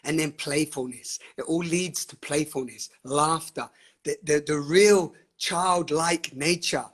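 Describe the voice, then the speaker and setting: A man's voice: a little high, slow, a bit bright. A man hosting a live online session, talking with fiery, emphatic passion, laughing often and swearing freely. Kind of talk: passionate live-stream talk. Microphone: webcam or phone on a live stream.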